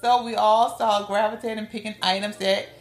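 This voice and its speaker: Middle-aged new orleans lady telling family stories, animated, echoey room, a little music in the back. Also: normal speed. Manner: lively storyteller, acts out family quotes with big pitch jumps. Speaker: podcast guest. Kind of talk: casual storytelling interview. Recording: roomy room with faint music behind.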